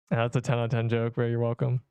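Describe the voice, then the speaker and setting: A man's voice: mid-range voice, smooth, dry recording, muffled recording. A man rambling casually through gameplay commentary on a livestream, slangy and loose, tossing in "bro" and casual swearing. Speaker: streamer.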